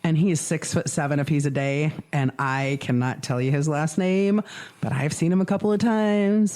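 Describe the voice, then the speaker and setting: A woman with a low voice co-hosts a podcast, recounting a true crime case at a moderate pace in casual conversation. She's an animated storyteller who acts out the quotes, swears, and laughs a lot.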